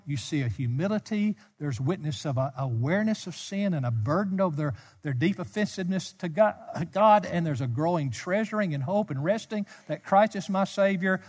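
Guy preaching hard, high voice, long echo in a big hall. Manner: impassioned, rises to near-shouts. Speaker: pastor. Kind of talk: sermon.

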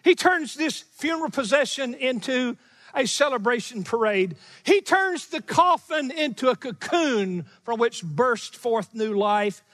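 A middle-aged man preaching a sermon as pastor, emphatic and slowing down on key phrases, with chuckling asides. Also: very high-pitched, expressive, fairly bright tone, long reverb tail. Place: church sanctuary.

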